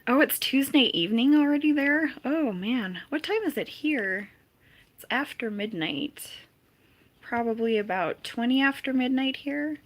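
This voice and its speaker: A woman with a high, expressive voice speaks a little slowly as she hosts a casual livestream, chatting and laughing often while reading and answering viewers' comments. She's giggly, laughing frequently between greetings.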